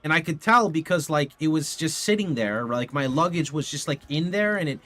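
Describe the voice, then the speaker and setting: A young man streaming from his home setup, telling a rambling, animated story to his live chat and swearing casually into a studio mic. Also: a little high, a little fast. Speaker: video game streamer. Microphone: condenser studio mic.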